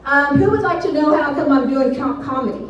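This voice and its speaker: High-voiced woman telling stand-up stories. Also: fairly quick, dull audio. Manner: animated, shrieks when quoting herself. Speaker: stand-up comedian. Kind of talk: stand-up storytelling. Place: small venue on stage. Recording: very echoey room, voice from far off.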